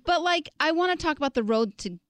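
A woman's voice: high voice, lively intonation, a little fast, dry recording. A woman co-hosting a podcast, asking questions in a loose, rambling way full of fillers. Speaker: podcast co-host. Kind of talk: casual podcast interview.

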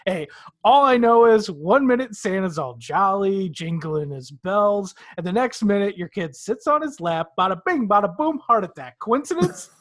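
A man's voice: sits high, animated, moderate pace, voice pushed up. A man doing a brash New York mall elf. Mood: accusing. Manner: brash, wisecracking. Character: rude mall elf, gruff grown man.

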